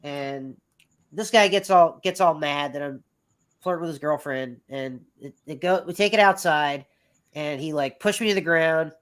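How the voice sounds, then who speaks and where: A man's voice: fairly high pitch, moderate pace, fairly bright tone. A man in his thirties spins a long story in casual chat. He rambles on, circling back and swearing freely as he goes. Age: 30s. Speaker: podcast guest.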